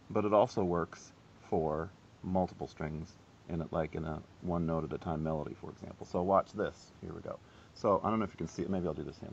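Low-voiced chatty man teaching harp. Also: darkish tone, dull audio. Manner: chatty, self-deprecating, laughs often. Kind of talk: casual video lesson.

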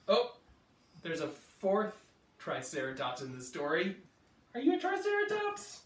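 A male children's librarian reading a storybook aloud to kids from home, playful and animated. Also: on the high side, echoey room, distant mic, slight background noise.

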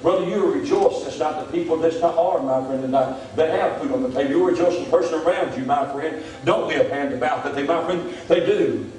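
Male pastor preaching revival, high voice, heavy church echo, mic set far back. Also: brisk, hardly any pauses, a little mellow. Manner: preaching, repeats "my friend" often. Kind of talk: revival sermon. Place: church sanctuary. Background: congregation amens.

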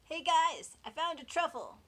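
A woman voicing a neat little boy piglet in a storybook, high and whiny. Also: lively intonation, slow, sharp tone, heavily acted.

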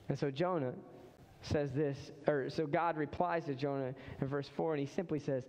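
A man preaching a sermon as pastor, lively and animated, acting out the voices of people in the story. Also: on the high side, normal speed, big-room sound, highs cut off. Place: church hall.

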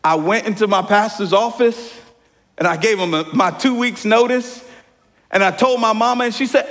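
A man in his thirties preaching a lively sermon as pastor, often calling the congregation y'all. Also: sits high, moderate pace. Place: church sanctuary. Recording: hall reverb from church sanctuary.

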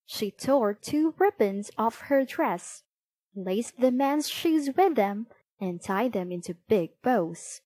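Lady reading a kids book, slow, lively pitch. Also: no room sound. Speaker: storybook reader. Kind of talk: reading a children's picture book aloud.

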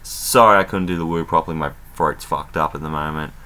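A man casually recapping a wrestling show as an excitable fan, chatty and loose, with plenty of fillers and some swearing. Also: extremely low pitch, brisk, clear, resonant tone.

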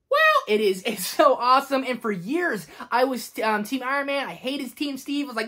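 Gushing, excitable young woman vlogger. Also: high voice, moderate pace. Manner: excitable, gushing, swears freely. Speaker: movie video host. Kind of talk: casual movie countdown vlog.

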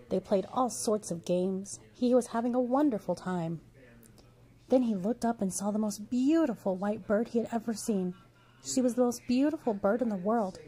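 A woman reading a children's storybook aloud in a steady, expressive way. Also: medium pitch.

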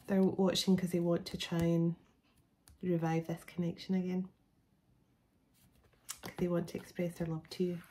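A woman's voice: fairly low pitch, completely flat delivery, normal speed, long pauses, mellow, rough recording. Chatty woman doing a tarot reading. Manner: chatty, rambling, many fillers and restarts. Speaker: tarot reader. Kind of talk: casual spoken tarot reading.

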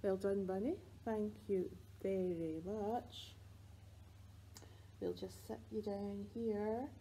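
A woman with a Scottish accent leading rhymes and songs for babies in a library, sing-song and playful with soft whispered asides. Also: mid-range voice, fairly even intonation, takes it slowly, slight background noise, rough recording. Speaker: children's librarian.

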